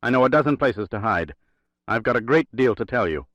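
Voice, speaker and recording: A man's voice: medium pitch, animated, fairly quick, fairly bright tone, no echo, natural voice. A man voicing a Russian male spy who speaks tersely and urgently in an audiobook. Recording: dry, slightly dull recording.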